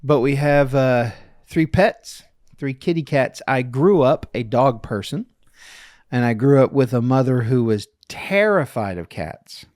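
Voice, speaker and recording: A man's voice: mid-range voice, expressive, measured pace, darkish tone, no echo, studio quality. Chuckling middle-aged man telling stories. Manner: rambling, chuckling storyteller with frequent restarts. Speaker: podcast co-host. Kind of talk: casual chat.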